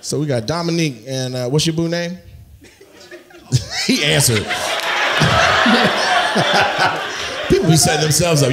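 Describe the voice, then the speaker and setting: Brash, gravelly comedian roasting the crowd. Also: male voice, fairly high pitch, expressive, slow, long pauses. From United States. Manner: brash, profane, teasing banter with audience. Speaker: stand-up comedian doing crowd work. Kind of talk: live stand-up crowd work. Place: comedy club stage. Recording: live club recording with crowd noise. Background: audience laughter.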